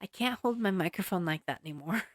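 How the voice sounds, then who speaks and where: A young woman runs a home recipe podcast, reading ingredients and instructions quickly and expressively in a fairly low voice. She's chatty and apologetic, self-conscious as she fiddles with and moves her handheld mic, and there's no room sound.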